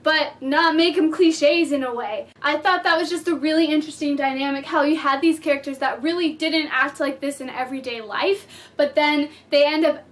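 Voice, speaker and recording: A bubbly woman chatting through a casual movie review with a bright, high voice. She talks like she's telling friends about it and keeps slipping into giggles. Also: moderate pace, few pauses.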